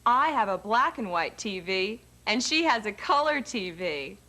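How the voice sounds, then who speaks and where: A woman reading a scripted language course dialogue with a clear, careful delivery. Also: mid-range voice, sing-song, a little slow, sharp tone.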